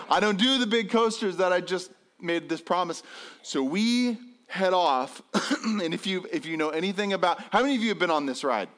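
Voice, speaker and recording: A man spinning a funny, self-mocking story for a live audience, high in pitch and swinging widely up and down as he acts out each exchange. His delivery is lively and animated. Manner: animated, self-deprecating, acts out dialogue in voices. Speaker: speaker telling a story to an audience. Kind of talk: comic personal storytelling.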